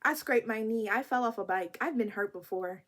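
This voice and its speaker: A woman in her twenties telling a story to camera in a casual, animated and wry vlog style. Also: a little high, normal speed. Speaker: vlogger.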